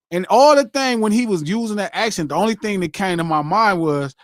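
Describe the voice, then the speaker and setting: A man co-hosting a livestream podcast in casual chat, animated and profane, laughing often and mimicking other voices as he talks. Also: sits high, fairly quick, dry recording, studio quality. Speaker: podcast co-host.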